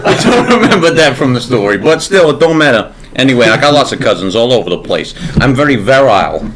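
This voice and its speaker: A man's voice: medium pitch, sing-song, fast talker, noisy background. A man co-hosting a comedy podcast, rambling and laughing in an improvised bit. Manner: laughing a lot, playing a rambling detective. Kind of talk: improvised comedy role-play.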